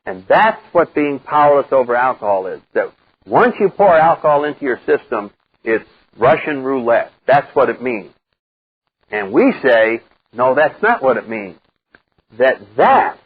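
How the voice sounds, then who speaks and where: An older man speaking to a live recovery group, blunt and wry, acting out the voices he quotes in a lively way. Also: medium pitch, measured pace, slightly rough, dry recording. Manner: animated storyteller who acts out quoted voices, wry and blunt. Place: meeting room with a live group. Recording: dull lo-fi 1990s cassette recording.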